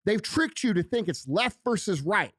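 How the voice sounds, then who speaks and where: A man's voice: high voice, animated, moderate pace, a bit bright, dry recording, studio quality. A man delivering a heated, profane rant on his own show, hammering his points by repeating them. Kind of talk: angry ranting monologue.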